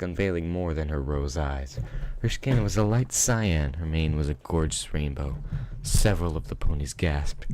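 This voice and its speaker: A man narrating a fan-fiction story aloud, reading steadily with the odd slip. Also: extremely low pitch. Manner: steady read-aloud with small slips. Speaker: reader.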